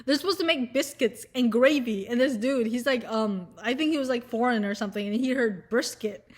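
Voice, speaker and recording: A young woman talking casually to camera in an animated, profane rant, sometimes mocking people in put-on voices. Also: on the high side, fairly quick. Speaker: vlogger. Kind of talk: casual ranting chat to camera.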